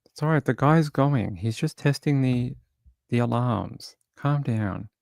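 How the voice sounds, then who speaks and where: An Australian man who runs a livestream show, chatting casually and cooing softly to his cat at home into a desk microphone. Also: medium pitch, unhurried, gravelly, no room sound, clean studio sound. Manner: soft, chatty and rambling, coos at his cat. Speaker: true crime streamer. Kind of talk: casual chat during a livestream. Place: home, indoors.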